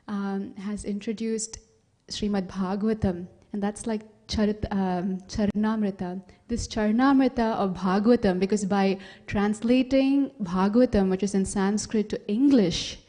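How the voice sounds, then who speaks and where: A woman giving a conversational sermon at a temple Sunday class, with frequent pauses and fillers. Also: medium pitch, warm tone. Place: temple hall.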